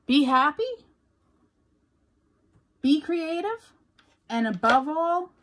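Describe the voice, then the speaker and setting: New York woman, crafting vlogger, chatty and giggly, pitched a little high. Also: very animated, drawn-out words, fairly bright tone. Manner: chatty, laughs often, rambling asides. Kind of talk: casual chat to viewers.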